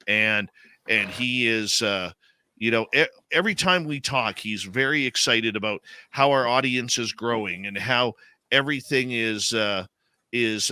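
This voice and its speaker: Bright, dry-voiced Canadian man. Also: medium pitch, dry recording. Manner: rambling, conversational, many fillers and restarts. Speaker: radio host. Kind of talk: live radio talk.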